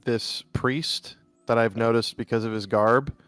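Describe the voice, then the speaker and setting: A man's voice: mid-range voice, fairly even intonation, measured pace, fairly bright tone, clean tone, no echo, soft background music. A man playing a tabletop game who talks in a blunt, direct way. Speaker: player. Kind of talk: casual tabletop play.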